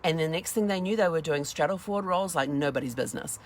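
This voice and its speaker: A woman's voice: deep voice, fast talker, slight background noise. A middle-aged woman hosting a casual motivational talk, chatty and acting out little dialogues as she goes. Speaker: host.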